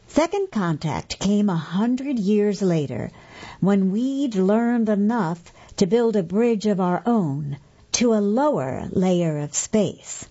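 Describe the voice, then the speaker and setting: Woman reading a story, slow and lively, warm husky tone, muffled sound. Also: medium pitch. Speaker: story narrator. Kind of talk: scripted narration. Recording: dull, muffled recording.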